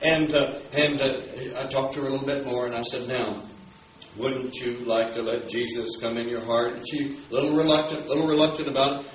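A man's voice: mid-range voice, a little fast, fairly bright tone, reverberant, distant mic, lo-fi sound. A man preaching a sermon, telling a story in a folksy way and building emphasis on key words. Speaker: pastor.

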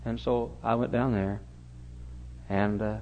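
Brief: middle-aged male pastor, story-driven sermon, dips quiet then booms, muffled lo-fi tape with faint hum. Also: level tone, slow pace. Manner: storytelling, swings from hushed to loud exclamations.

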